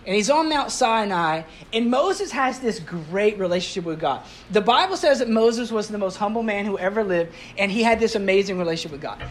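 A pastor delivers a sermon in a church, talking to the congregation as if in conversation. The voice sits at an ordinary middle pitch and keeps putting rhetorical questions to the listeners. Light touches of humor run through the preaching, with a faint hiss of noise under the sound. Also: expressive, fairly quick, few pauses.

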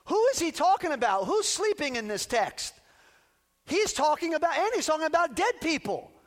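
High-voiced preaching man in a reverberant hall. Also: big pitch swings, normal speed. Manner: emphatic preaching with repeated rallying phrases. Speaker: pastor. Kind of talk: sermon. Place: church sanctuary. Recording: long reverb of a large hall.

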